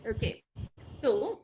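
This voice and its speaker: An Indian English woman teaching an online class. She talks slowly and deliberately, with many fillers, in a fairly high voice. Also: expressive, dark tone, slight background noise. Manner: slow, deliberate explaining with frequent fillers. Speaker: lecturer. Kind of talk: online lecture to students.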